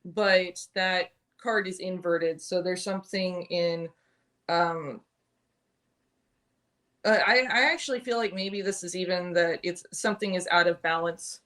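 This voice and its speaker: A woman giving a live-stream tarot reading, thoughtful and halting, with many pauses and restarts. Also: fairly low pitch, steady tone, fairly bright tone. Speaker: tarot reader.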